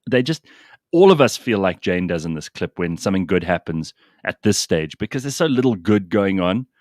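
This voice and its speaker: A man's voice: sits low, big pitch swings, normal speed, darkish tone, no room sound, clean studio sound. A man hosting a radio show from South Africa, chatting casually and with animation.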